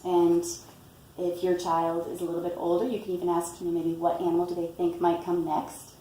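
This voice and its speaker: A woman reading a picture book aloud and explaining storytime tips in a patient way, often pausing with "um" and "you know". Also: lowish voice, little pitch movement, dark tone, slight background noise. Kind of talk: instructional read-aloud tutorial. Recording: roomy, from a distance, faint ambience.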